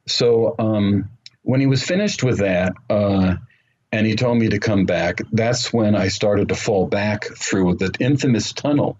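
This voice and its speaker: Deep-voiced man recounting an experience. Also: darkish tone. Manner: earnest, unhurried storytelling with many fillers. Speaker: interview guest. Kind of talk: storytelling interview. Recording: muffled remote call audio with faint noise.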